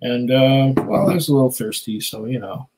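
A man's voice: mid-range voice, animated, moderate pace, noisy background. A man hosting a casual live stream, chatting loosely with many fillers and small laughs while reading viewer comments. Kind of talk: casual chat.

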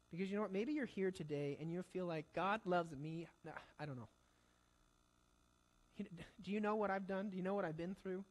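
High-voiced man preaching a lively sermon. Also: poor audio. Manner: animated storytelling, acting out quoted voices. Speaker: pastor. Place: church sanctuary.

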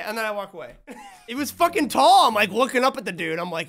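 Man, game streamer, casual chat, profane, sudden shouts, bouncy intonation. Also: extremely high pitch, animated, fairly quick, vocal fry, faint music behind. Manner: mimics other people in anecdotes.

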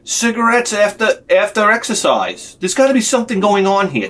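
A middle-aged man ranting to camera as a vlogger, profane and sarcastic, dropping to mutters and then shouting his outbursts. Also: high voice, animated, normal speed, few pauses, slight background noise. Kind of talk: rambling comic rant to camera.

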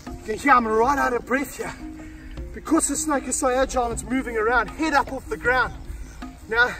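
A middle-aged man hosting an energetic outdoor wildlife demonstration, talking straight to his viewers and breaking into whoops. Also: extremely high pitch, fairly quick, distant mic, soft background music. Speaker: wildlife handler and host. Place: outdoors by snake enclosures.

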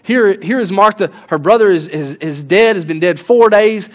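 A man's voice: high-pitched, normal speed. Man preaching conversationally. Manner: conversational preaching, rising to impassioned pleading. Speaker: pastor. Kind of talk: sermon. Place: church sanctuary.

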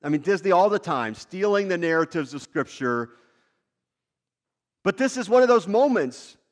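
A male lead pastor preaching a sermon in a conversational, animated way, with wide swings in pitch and loudness. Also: normal speed.

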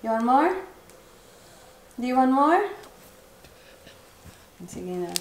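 A woman's voice: fairly high pitch, animated, takes it slowly. A Filipino woman in her thirties coaxing her baby in a playful baby-talk vlog, switching between English and Filipino. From Philippines. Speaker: vlogger and mother. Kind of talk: casual family vlog. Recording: roomy home room, faint noise.

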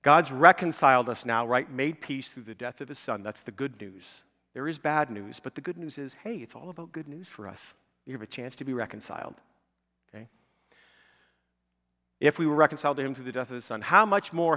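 Pastor preaching in a reverberant church. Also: male voice, mid-range voice, animated, fairly quick, bright, forceful tone. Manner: conversational preaching, frequent "okay?" and "right?" checks with the congregation; rises to emphatic, pleading peaks. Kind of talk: sermon. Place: church sanctuary.

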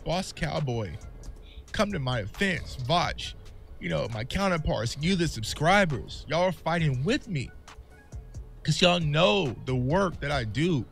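A man's voice: fairly high pitch, animated, unhurried, vocal fry, fairly bright tone, faint music behind. A man who makes sports videos, speaking candidly and passionately to his viewers in a vlog monologue. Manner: impassioned, candid, calls viewers "y'all". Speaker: sports content creator. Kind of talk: emotional vlog monologue to fans.

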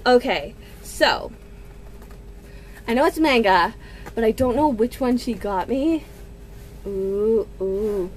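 A young woman in her twenties talks through an unboxing vlog at home. She gushes and gasps with excitement. Her voice sits fairly high, she takes her time, and faint room ambience hangs behind her. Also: takes it slowly, long pauses, slight background noise. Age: 20s. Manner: gushing and excitable, with gasps and squeals. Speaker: book vlogger.

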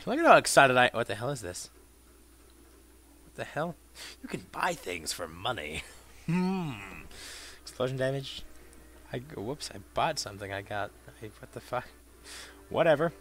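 Foul-mouthed gamer swinging to shouts. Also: male voice, lowish voice, slight background noise. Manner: profane, erupts into shouted insults at enemies; mutters dry asides between outbursts. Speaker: let's play gamer. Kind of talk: gameplay commentary.

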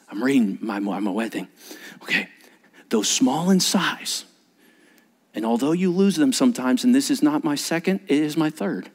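A man preaching a sermon as a pastor, telling stories with animated delivery and acting out little voices. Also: fairly high pitch, moderate pace. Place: church sanctuary.

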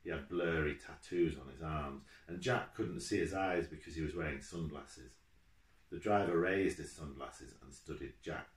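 Deep-voiced man reading a story. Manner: steady, measured storytelling. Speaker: author reading his own book. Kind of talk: reading a children's book aloud. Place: room at home, with his dog beside him. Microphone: camera for a home video. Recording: echoey room.

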